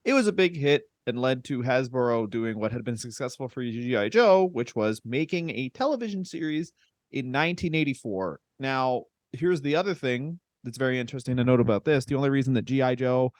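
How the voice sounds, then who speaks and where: A man's voice: mid-range voice, animated, fairly quick, no room sound, studio quality. A man co-hosting a casual comedy podcast, explaining history with wry jokes and laughter. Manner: laughing, wry storytelling with swearing. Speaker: podcast co-host.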